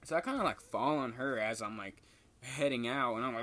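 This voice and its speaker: A young man casually telling a personal story in a vlog, full of slang and swearing, and jumping up in pitch when he quotes people. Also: brisk, a bit bright, no echo. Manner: laid-back slangy storytelling, swears a lot, jumps high for quoted lines.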